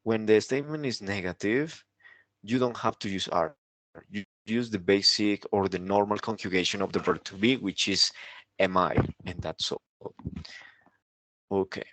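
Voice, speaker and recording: A man's voice: fairly low pitch, normal speed, long pauses, fairly bright tone, no echo. A man teaching an English grammar lesson, explaining step by step and often checking in with the listener. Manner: explanatory, keeps checking with "right?".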